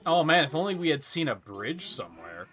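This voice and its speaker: A man's voice: fairly high pitch, big pitch swings, brisk, fairly bright tone. A young man streaming a video game, chatting casually with viewers in a rambling, exasperated way. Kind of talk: casual gaming stream chat.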